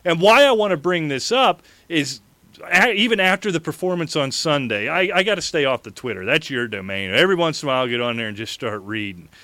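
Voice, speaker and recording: A male fantasy sports host who rants animatedly and breaks into laughter often. His tone is bright and forward, pitched a little high. The sound is dry and close. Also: animated, brisk, no echo. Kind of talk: casual sports talk.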